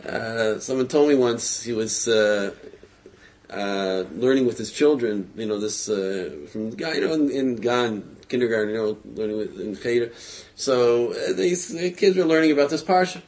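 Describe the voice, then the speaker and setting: A man telling a religious story in a casual, lively way, with frequent hesitations, fillers and chuckles. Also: medium pitch, moderate pace.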